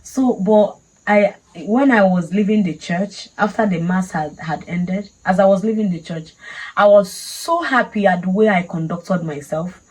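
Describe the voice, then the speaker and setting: A woman's voice: medium pitch, measured pace, husky, low-quality recording. A woman with a Nigerian accent, telling a personal story casually and animatedly, laughing often. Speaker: vlogger.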